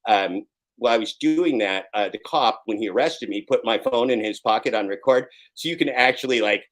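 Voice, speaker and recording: A man in his fifties, a guest in a live online interview, talking intensely and swearing, at times rising to a shout. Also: lowish voice, fairly quick, low-quality recording. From Oregon. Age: 50s.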